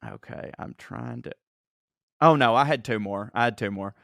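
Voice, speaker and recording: A man co-hosting a comedy podcast, reading listener emails aloud with animated storytelling and frequent laughter. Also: on the low side, normal speed, creaky, dry recording, clean studio sound. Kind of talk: casual comedic podcast banter.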